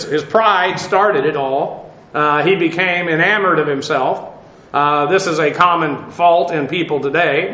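A man teaching scripture, breaking down Greek grammar step by step. His voice sits a bit high and rings bright and sharp, with many halting fillers as he spells terms out letter by letter. The room around him is echoey. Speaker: Bible teacher. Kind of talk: verse-by-verse Bible study with Greek word analysis.

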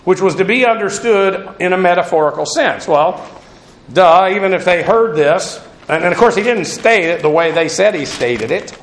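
A man's voice: sits high, expressive, moderate pace, slight background noise. A man giving a verse-by-verse Bible teaching, talking in a discursive way with many restarts and asides. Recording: roomy echo.

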